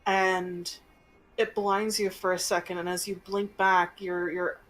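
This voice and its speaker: A woman game master narrating a tabletop game in a slow, gentle storytelling manner. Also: lowish voice, little pitch movement, rough recording.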